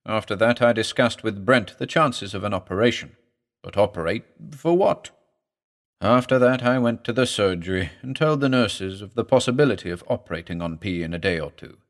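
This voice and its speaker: Man, audiobook horror narration, grave, measured, dramatic, lively intonation. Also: on the low side.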